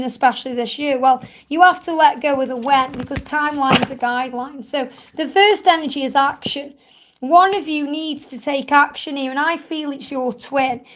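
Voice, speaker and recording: A high, light-voiced woman reads cards live for her viewers. She talks in a gentle, reassuring way and softly calls them honey. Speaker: tarot card reader hosting a live Q&A. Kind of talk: live-stream card reading.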